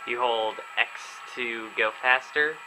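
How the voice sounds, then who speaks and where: A young man casually commenting on a video game as he plays, chatty and excitable. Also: medium pitch, slow, noisy background. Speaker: gaming video host. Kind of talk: casual let's play commentary. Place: indoors at home, filming himself.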